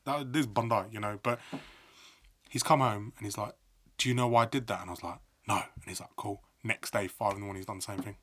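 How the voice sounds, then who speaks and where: A middle-aged man, a guest on a podcast telling a story in a lively chat, acting out quoted voices. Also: lowish voice, quick pace, breathy edge. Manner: animated storyteller, acts out quotes. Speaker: podcast guest, sports broadcaster.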